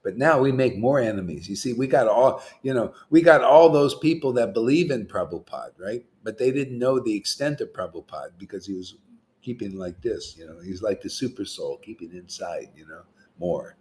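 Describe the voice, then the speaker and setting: A man preaching an informal devotional sermon, animated and chatty, slipping into slang and chuckling between points. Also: lowish voice, moderate pace. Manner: animated, acts out quoted voices; chuckles often, casual slang. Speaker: spiritual teacher.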